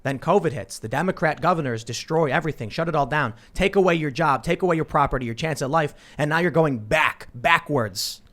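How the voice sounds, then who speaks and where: A man hosting a political talk show, telling stories in an animated, self-interrupting way. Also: fairly high pitch, a little fast, few pauses. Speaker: podcast host.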